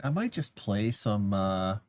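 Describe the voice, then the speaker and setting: A man's voice: fairly low pitch, sing-song, takes it slowly, darkish tone. A man rambling casually on a livestream, chatting to his cat between thoughts.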